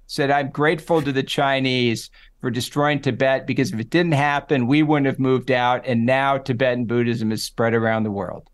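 A middle-aged man, a psychology professor, talking in a relaxed interview and acting out the voices he quotes. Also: mid-range voice, normal speed. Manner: animated storyteller, acts out quoted voices. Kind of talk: casual conversational interview.

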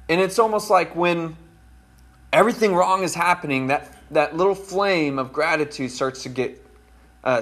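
This husky, fairly bright male voice sits on the higher side. He is a pastor with children, giving a conversational, folksy sermon addressed straight to the people in his congregation.

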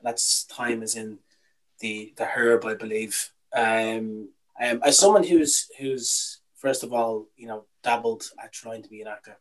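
A man's voice: fairly low pitch, fairly even intonation, measured pace, poor audio. Opinionated Irish man ranting casually. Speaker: podcast co-host. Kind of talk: casual podcast chat.

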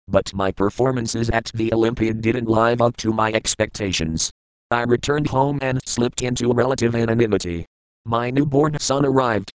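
A man reads an audiobook in the first person, measured and reflective. His voice is smooth and resonant, at a middle pitch. The recording is close and dry. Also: no echo, poor audio. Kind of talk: audiobook narration.

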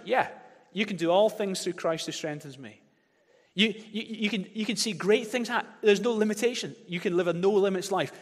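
A man's voice: high voice, breathy edge. A man preaching a sermon as pastor, passionate and emphatic, leading his congregation to repeat verses aloud. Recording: long hall reverb.

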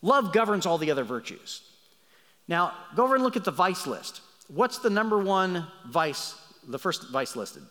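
Male pastor, sermon delivery, expressive and rising on key words, fairly high voice, reverberant hall. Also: moderate pace. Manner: animated preaching, swings between loud emphasis and quiet asides. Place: large church hall.

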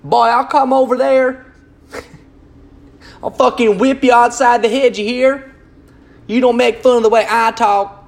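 A man doing an exaggerated Southern US country hillbilly voice, loud, folksy and drawling, quick to threaten. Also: extremely high pitch, fairly even intonation, voice pushed up. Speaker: host.

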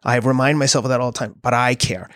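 Animated rambling man telling a story. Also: medium pitch, quick pace, no echo. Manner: rambling, animated, many fillers and restarts. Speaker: podcast host, endurance athlete. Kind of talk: casual storytelling conversation.

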